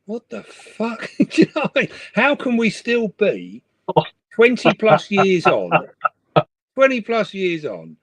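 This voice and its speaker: A middle-aged man co-hosting a live stream from his room at home, talking in a chatty way that is often broken up by laughter. His voice sits a little high and moves up and down a great deal. The sound is dry and close. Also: huge pitch swings, a little slow, dry recording. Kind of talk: casual chat.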